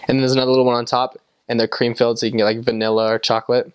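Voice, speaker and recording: A young man from the United States talks in a casual, chatty way, leaning on "like" again and again. His voice sits at an ordinary middle pitch. The sound is dry and close, with no room echo. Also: little pitch movement, racing, clear, resonant tone. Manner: chatty, lots of "like" fillers. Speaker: vlogger recalling time abroad. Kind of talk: casual storytelling to camera.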